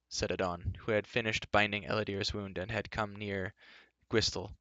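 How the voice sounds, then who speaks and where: Man reading a storybook aloud, bright, dry. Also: on the low side, flat delivery, moderate pace, no echo. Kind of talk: live book reading.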